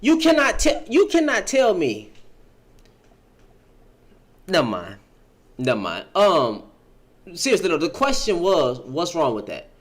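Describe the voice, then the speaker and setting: A middle-aged man with a high, lively voice speaks in an emphatic commentary style. He keeps asking his audience pleading rhetorical questions, and his pitch swings widely from phrase to phrase. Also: unhurried, pauses often. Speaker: reaction video host.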